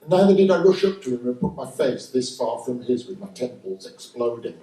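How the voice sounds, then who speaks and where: A man's voice: medium pitch, big pitch swings, brisk, dark tone. A man with a Northern English accent doing a stand-up comedy set in a dry, wry manner, recorded live at a comedy venue. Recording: roomy live recording from a distance.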